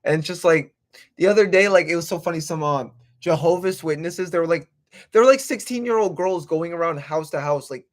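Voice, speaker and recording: A man's voice: a little high, brisk. A young man hosting a livestream, rambling casually with swearing and slang. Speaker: livestream host.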